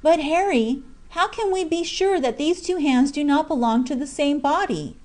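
A woman reading an audiobook, voicing a cheerful, teasing young male miner in a lively, coaxing manner. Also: high voice, normal speed, pitched above the performer's own voice, lightly acted. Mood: jovial. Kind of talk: audiobook character voice.

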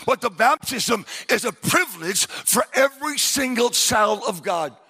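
A man preaching a fervent sermon at a church service, breaking into shouts and rambling through personal stories with many asides. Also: very high-pitched, animated, unhurried, creaky, slightly rough, in a large hall, faint music behind. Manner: storytelling with many asides and restarts. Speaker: visiting missionary preacher.

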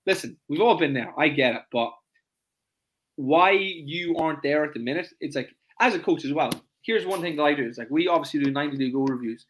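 A man who works as a fitness coach, hosting a casual podcast chat, talking quickly and acting out his clients in quoted voices. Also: on the high side. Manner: fast, animated, acts out clients in quoted voices; leans on "it's like" a lot.

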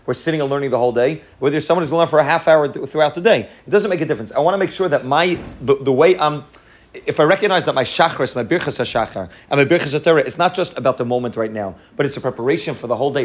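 Rapid-fire man giving a Torah class. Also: medium pitch. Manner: rapid, repetitive, mixes Hebrew and Yiddish terms into English. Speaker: rabbi teaching a class. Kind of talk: fast Torah lecture.

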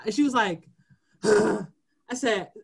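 Male elementary teacher, podcast co-host, high voice, firm and direct. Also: takes it slowly, vocal fry, slightly rough. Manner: firm, acts out stern teacher lines in stories. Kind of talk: casual chat.

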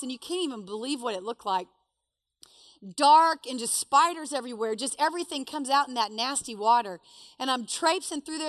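A woman telling a personal story to a live audience, animated and self-deprecating. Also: high-pitched, no echo.

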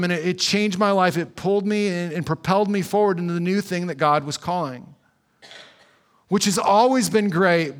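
Guy with a high voice giving a sermon, earnest and chatty, drags out the big lines. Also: a bit bright. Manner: earnest, conversational preaching with slow emphatic stretches. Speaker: pastor.

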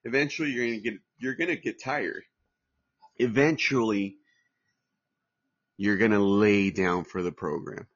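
A man's voice: lowish voice, a little slow, pauses often, muffled recording. Rambling profane man from Southern California. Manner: rambling, profane, restarts often. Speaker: podcast host. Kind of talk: casual livestream podcast chat.

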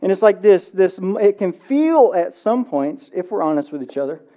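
A pastor preaching a sermon in a church. He tells stories with lively acted-out dialogue and drops to a hushed, slow voice in prayer. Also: high voice. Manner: animated storytelling, acts out movie dialogue. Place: church sanctuary.

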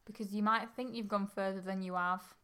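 Casting note: young woman, chatty co-host, bright voice, quick interjections. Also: medium pitch, fairly even intonation, smooth. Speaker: podcast co-host. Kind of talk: casual chat.

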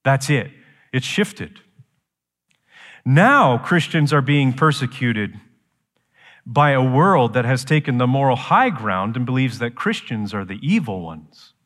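A man preaching a sermon as pastor, shifting from quiet explanation to loud, slow, emphatic lines. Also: mid-range voice, sing-song, in a large hall.

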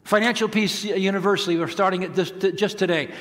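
A man preaching a sermon, telling a self-mocking personal story with drawn-out emphasis. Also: high-pitched, steady tone, fairly bright tone. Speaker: pastor. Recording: long hall reverb.

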